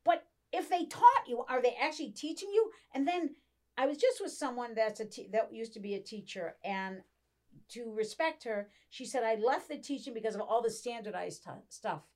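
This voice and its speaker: A middle-aged woman chatting casually, telling animated stories and acting out quoted voices. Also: fairly high pitch, normal speed. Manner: animated storyteller, acts out quotes. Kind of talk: casual chat.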